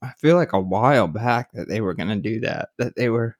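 Podcast co-host dude, chatty and earnest, pitch jumps around a lot, dry close mic. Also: male voice, expressive, fairly quick, dry recording. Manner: earnest, repeats words while thinking. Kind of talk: casual chat. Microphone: studio podcast mic.

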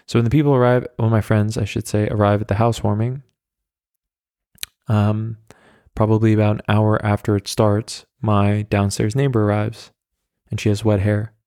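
A man hosting a solo podcast, telling rambling, self-deprecating stories in his flat with many fillers, carrying a handheld mic around as he walks. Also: fairly low pitch, normal speed, no room sound, clean studio sound. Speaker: podcast host. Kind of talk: casual solo storytelling. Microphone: handheld mic carried around.

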